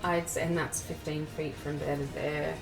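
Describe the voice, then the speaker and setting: A woman narrating a tabletop role-playing game as game master, in a casual and lively way. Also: low voice, moderate pace, creaky, over music.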